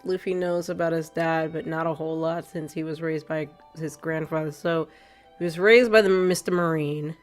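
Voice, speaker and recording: A woman's voice: sits low, fairly even intonation, moderate pace, faint music behind. A woman streamer in casual, rambling chat with her viewers, a little stuffy from allergies and laughing often. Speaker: gaming streamer.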